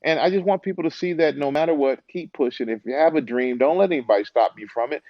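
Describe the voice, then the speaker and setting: A man guest in a casual interview, an animated storyteller who acts out the voices he quotes. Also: a little high, fast talker, no room sound, dull audio. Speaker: interview guest, former football player and TV host.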